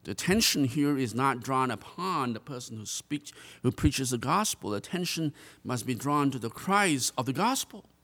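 A man's voice: medium pitch, animated, moderate pace, fairly bright tone. A man preaching a sermon to a congregation, earnest, stretching out key phrases for emphasis and often restarting his words. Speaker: pastor.

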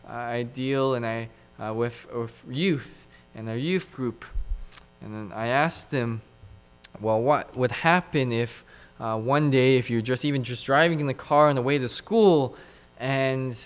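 A man preaching a sermon, unhurried and emphatic, building his points through repetition. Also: medium pitch, fairly bright tone, clean tone. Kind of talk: expository sermon.

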